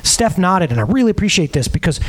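A man's voice: high-pitched, sing-song, fast. A man in his thirties giving a sermon as a pastor, earnest and full of rhetorical questions.

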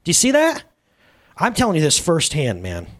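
Man preaching, high voice, very lively pitch, chatty sermon delivery, asks listeners questions. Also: moderate pace. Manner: animated, conversational, asks the audience questions often. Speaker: pastor.

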